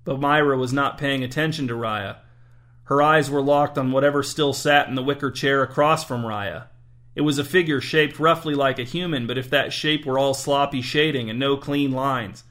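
A man reading a story aloud, dry and deadpan in his delivery, his voice at an ordinary middle pitch for a man. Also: moderate pace. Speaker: narrator. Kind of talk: storybook narration.

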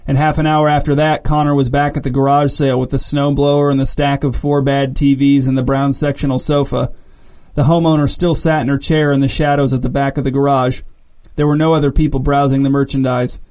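A man narrating a story in an even, measured way. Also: mid-range voice.

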